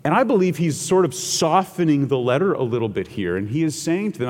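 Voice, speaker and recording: A man's voice: a little high, animated, a little fast, few pauses, a little mellow. A male pastor giving a sermon, talking conversationally and retelling scripture in everyday words. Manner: conversational preaching, paraphrasing scripture in plain talk. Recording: long hall reverb.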